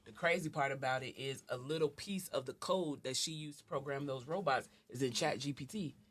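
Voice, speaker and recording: A man's voice: mid-range voice, a little fast. A man co-hosting a podcast, chatting casually and answering briefly. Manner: relaxed, brief backchannels. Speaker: podcast co-host. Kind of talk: casual chat.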